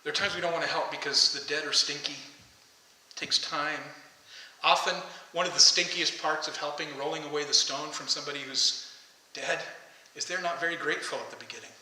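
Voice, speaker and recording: A man preaching a sermon as pastor, impassioned, rising to loud calls as he tells the story. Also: on the high side, a little fast, far from the mic. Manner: impassioned, shouting the calls to come out. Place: church sanctuary. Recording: echoey church hall.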